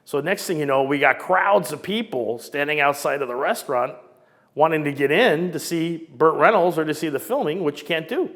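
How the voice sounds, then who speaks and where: A man in his sixties from Southern California, telling old stories in a casual, lively way and acting out the people he quotes. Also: a little high, in a large hall. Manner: animated, acts out quoted voices. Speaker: storyteller recounting memories. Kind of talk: casual storytelling interview.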